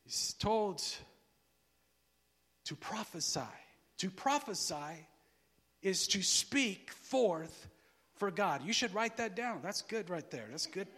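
A preacher with a strikingly high, bright voice delivers his sermon slowly and deliberately. He drops to near-murmurs, then rises to shouted emphasis, and he often leaves a word hanging for the congregation to call out. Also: animated, husky. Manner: swings from hushed asides to shouted emphasis; asks the crowd to finish his sentences.

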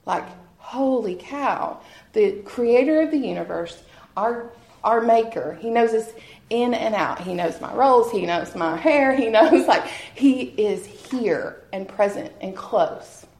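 A woman giving a heartfelt personal testimony at a church gathering, earnest and quick to laugh at herself. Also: on the high side, lively intonation, darkish tone. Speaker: guest speaker sharing testimony. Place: church hall with an audience. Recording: roomy hall echo.

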